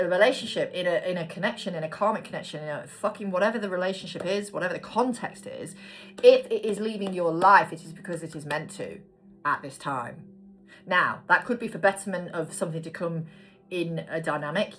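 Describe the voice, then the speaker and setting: A woman's voice: on the low side, rough recording. A woman spiritual coach talking frankly and emphatically to camera, swearing freely. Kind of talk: casual monologue to camera.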